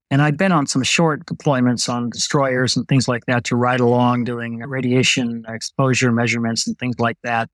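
An older man, a retired Navy doctor, telling stories as a guest in an interview, relaxed and anecdotal. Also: medium pitch, no echo, poor audio. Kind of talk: storytelling in an interview.

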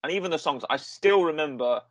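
A man's voice: on the high side, expressive, brisk, no echo. A man co-hosting a casual film-review podcast. He talks enthusiastically and rambles, with many restarts. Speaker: podcast co-host.

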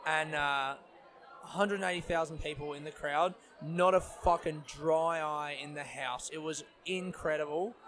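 A man hosts a podcast and tells a story in an excited, casual way, swearing freely as he goes. His voice sits a bit high, and he is recorded sitting outdoors under a tree. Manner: profane, animated storytelling. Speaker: podcast host.

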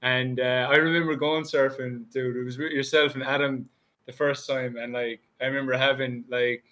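Irish man, podcast guest, casual chat, laid-back, bright tone. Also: medium pitch, level tone, moderate pace. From Ireland. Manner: laid-back, lots of "dude" and "bro" fillers.

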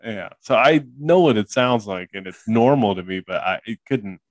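A man's voice: on the low side, lively intonation, normal speed, no echo. A young man hosting a casual movie podcast, rambling with many fillers and frequent laughs. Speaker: podcast host.

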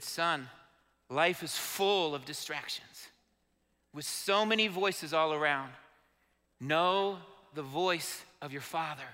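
Middle-aged male pastor, very high bright voice, fervent call-and-response preaching, long church-hall reverb. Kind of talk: sermon. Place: church sanctuary.

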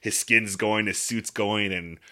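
Deep, bright-toned man in casual chat. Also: fairly even intonation, unhurried. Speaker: podcast co-host. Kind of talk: casual film review chat.

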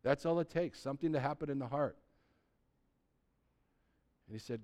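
A man in his sixties preaching a sermon, animated and conversational, swinging between loud emphasis and hushed, quiet lines, and asking his congregation rhetorical questions. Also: medium pitch, normal speed. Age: 60s. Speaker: pastor.

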